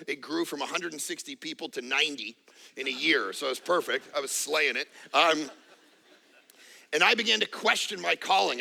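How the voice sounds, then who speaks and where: A man's voice: on the high side, gravelly, sharp tone. A man in his forties preaching a sermon as pastor, emphatic and repetitive, with joking asides. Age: 40s.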